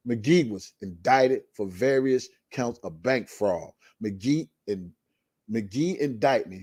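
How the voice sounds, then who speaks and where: A man's voice: mid-range voice, darkish tone, dry recording, clean studio sound. A male show host reads a court filing aloud and adds his own commentary in an emphatic way, returning again and again to a repeated catchphrase. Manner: emphatic, repeats a catchphrase refrain, drawn-out stresses. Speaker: host of a live online show.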